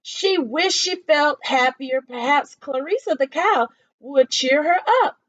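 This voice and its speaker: Slow, high-voiced woman reading a storybook. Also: no echo. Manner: stops to explain words and ask children questions. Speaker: storytime reader for children. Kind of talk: reading a picture book aloud. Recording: dull lo-fi dry recording.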